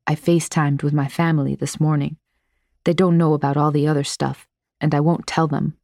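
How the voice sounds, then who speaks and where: A woman reading the part of a cheerful, talkative young man from Mexico in simple, warm phrases. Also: deep voice, level tone, a little fast, gravelly, no room sound, studio quality. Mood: chatty.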